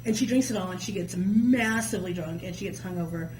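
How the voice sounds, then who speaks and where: A woman guest telling myths in casual, colloquial chat, with a lively storyteller's manner. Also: fairly low pitch, fast talker. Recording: echoey room with faint hum.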